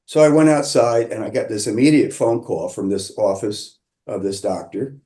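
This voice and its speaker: Mellow-voiced man telling his story. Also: fairly low pitch. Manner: measured, reflective, with pauses and restarts. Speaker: qigong practitioner sharing his story. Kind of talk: personal storytelling.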